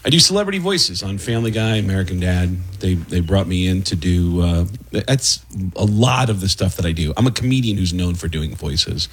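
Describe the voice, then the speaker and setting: A comedian from the Bronx, a man telling animated stories as a guest in a casual interview, slipping into voices along the way. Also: low-pitched, brisk, a little hiss or hum. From the Bronx, New York. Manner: animated, breaks into impressions and laughter.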